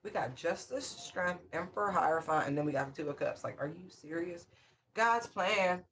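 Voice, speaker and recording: Excitable, laughing tarot reader. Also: medium pitch, a little hiss or hum. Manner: excitable, laughs often, drawn-out exclamations. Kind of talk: casual spoken tarot reading to viewers.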